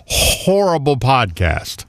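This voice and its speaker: A Southern American man co-hosting a radio show tells an exasperated story in casual banter, swearing and laughing at himself. His medium-pitched, fairly bright voice swoops wildly in pitch at a slow pace, recorded in clean studio sound with no echo.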